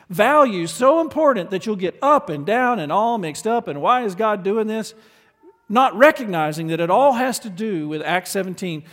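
A man preaching a sermon in an earnest way, moving from quiet asides to loud emphatic lines. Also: on the high side, in a large hall.

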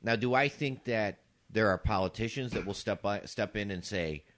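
A man's voice: lowish voice, normal speed, fairly bright tone, a little hiss or hum. A man co-hosting a casual podcast, reasoning aloud and arguing his points through rhetorical questions. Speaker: podcast co-host.

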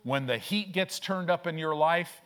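A male pastor's sermon comes in energetic, quick bursts full of rhetorical questions and call-and-response with the congregation. His voice is a little high and fairly bright.

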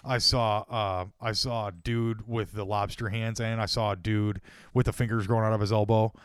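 A man's voice: fairly low pitch, level tone, normal speed, smooth, dry recording. Podcast co-host, male, foul-mouthed joker, dry recording. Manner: crude, joking storyteller, laughs often. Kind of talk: casual chat.

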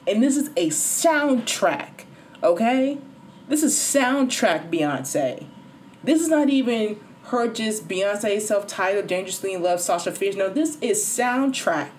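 A woman vlogging a casual album review, animated and dramatic, swearing and breaking into sudden high squeals. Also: a little hiss or hum. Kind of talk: casual excited rant to camera.

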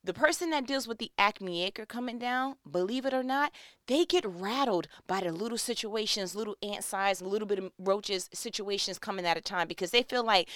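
A woman's voice: mid-range voice, moderate pace, fairly bright tone, no echo, studio quality. A woman in her thirties giving a casual devotional talk, acting out little scenes in other voices.

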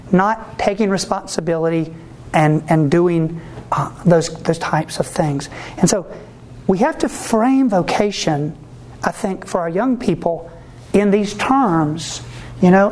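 Animated priest preaching to a church audience. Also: male voice, high voice. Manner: animated, acts out quoted voices; asks the audience for agreement. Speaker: Catholic priest. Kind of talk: sermon-style talk to ministry workers.

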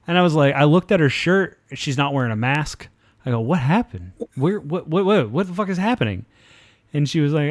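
A man in his thirties co-hosting a casual podcast, telling stories in a profane, animated way. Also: on the high side, a little fast, no echo. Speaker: podcast co-host. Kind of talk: casual chat, storytelling.

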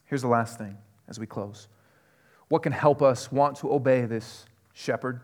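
A man preaching a sermon, earnest, moving from quiet questions to loud, emphatic passages. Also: medium pitch, fairly even intonation, measured pace, pauses often. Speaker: pastor.

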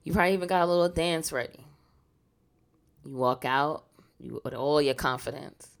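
A woman's voice: sits low, normal speed, gravelly, clean tone. A woman co-hosting a podcast in casual, frank chat, often saying "you know" and laughing easily. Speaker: podcast co-host.

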